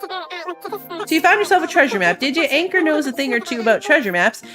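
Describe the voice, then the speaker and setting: A woman's voice: high voice, very animated, fairly quick, music in the background, pitched above the performer's own voice. A woman voicing an old male shark pirate who is jolly and boastful, talking in a hearty pirate drawl with laughs.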